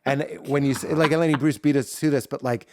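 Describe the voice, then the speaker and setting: A man's voice: mid-range voice, quick pace, no room sound, studio quality. A man who is a comedian guest on a podcast, riffing playfully in casual chat. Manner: riffing, animated, playful emphasis.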